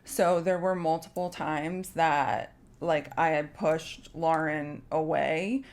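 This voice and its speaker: A woman co-hosting a podcast who talks in a hesitant, halting, casual way. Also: low-pitched, steady tone. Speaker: podcast co-host. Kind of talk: casual chat.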